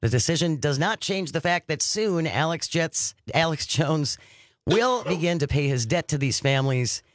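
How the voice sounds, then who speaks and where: A man's voice: a little high, animated, moderate pace, no room sound, clean studio sound. A man co-hosting a podcast, reading news items aloud and adding his own commentary. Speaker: podcast co-host.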